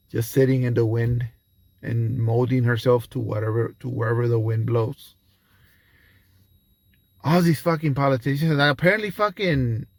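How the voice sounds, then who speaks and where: A man's voice: medium pitch, no echo. Heated, profane man ranting. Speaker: reaction commentator. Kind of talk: reaction video commentary.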